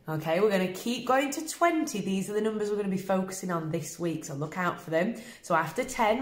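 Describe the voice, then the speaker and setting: A woman's voice: mid-range voice, lively intonation. An English woman teaching a reception-class maths lesson, counting along and encouraging young children with playful gasps. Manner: slow, sing-song and encouraging, with playful gasps. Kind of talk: early-years maths lesson to camera.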